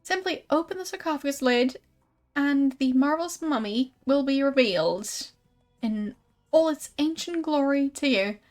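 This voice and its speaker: A woman reading aloud and voicing a smooth-talking male showman who hawks a fake mummy in a game, with grand salesman patter. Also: high-pitched, expressive, normal speed, a little mellow, soft background music. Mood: showman pitch.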